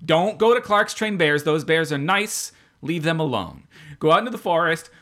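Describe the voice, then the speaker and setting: Male co-host, mock-serious satirical rants, bright forward tone. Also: a little high, animated, normal speed. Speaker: podcast co-host. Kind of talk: casual comedic chat.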